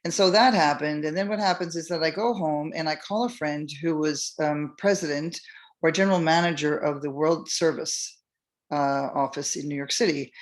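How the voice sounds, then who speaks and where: A middle-aged woman hosting a podcast, telling a personal story in a loose, rambling way, full of fillers and restarts and acting out what others said. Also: sits low. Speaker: podcast host. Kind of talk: casual first-person storytelling.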